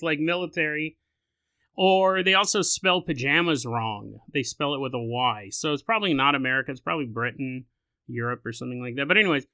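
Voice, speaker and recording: A man's voice: on the high side, bright, forceful tone, dry recording. A man hosting a podcast, telling a creepy story with rambling, joking asides. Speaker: podcast host.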